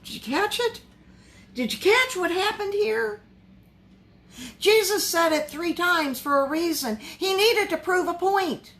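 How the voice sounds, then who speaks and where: High-voiced, unhurried woman pastor. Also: a bit bright. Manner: conversational, asks the listeners questions. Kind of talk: Bible study teaching.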